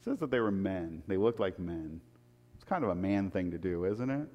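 A man preaching a sermon in a lively, conversational way. He swings between loud, emphatic peaks and hushed, low asides, and often repeats words. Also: normal speed, highs cut off. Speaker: pastor. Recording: long hall reverb.

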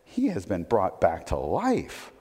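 A man's voice: low-pitched, wildly swooping pitch, slow pace, warm tone, husky, long reverb tail. A man preaching a sermon in a conversational way, asking his listeners rhetorical questions. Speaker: pastor.

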